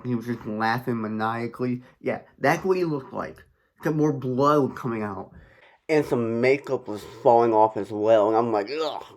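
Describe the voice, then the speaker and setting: A man casually telling a story, rambling with frequent fillers and side comments. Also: mid-range voice. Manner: rambling, with many fillers and asides.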